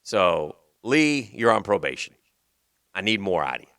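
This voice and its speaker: A male sports radio host with a slight Southern US accent, rambling in loose banter and sinking into a low mutter. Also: sing-song, moderate pace, sharp tone, no room sound, clean studio sound. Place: radio studio. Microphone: studio microphone.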